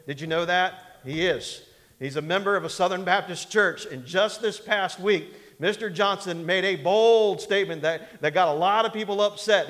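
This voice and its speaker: In a church sanctuary full of long hall reverb, a man with a high-pitched, fairly bright voice delivers a folksy, conversational sermon. This pastor keeps asking the congregation for an amen, cracks jokes along the way, and drops into mock voices for humor.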